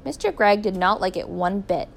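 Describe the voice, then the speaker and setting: A woman narrating a children's story in a clear, even, expressive reading voice. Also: medium pitch, normal speed. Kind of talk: children's story read aloud.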